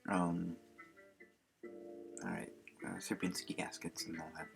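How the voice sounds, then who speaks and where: A man streamer casually introducing a session, rambling with many pauses. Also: sits low, level tone, gravelly. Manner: rambling, full of fillers and restarts. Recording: guitar music under the voice.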